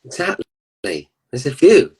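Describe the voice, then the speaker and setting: A man's voice: mid-range voice, wildly swooping pitch, takes it slowly, darkish tone, slightly rough, poor audio. A man, a musician guest on a casual chat show, teasing wryly and slipping into funny voices. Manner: wry, teasing, does funny voices in asides.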